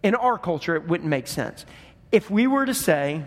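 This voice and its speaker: Man, very high voice, lively sermon delivery, long hall reverb. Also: moderate pace. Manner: animated storytelling, acts out voices in quotes. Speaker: pastor.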